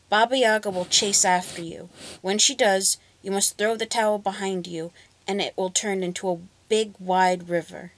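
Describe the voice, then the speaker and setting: A woman doing a thin black cat, calm and knowing. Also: medium pitch, lightly acted.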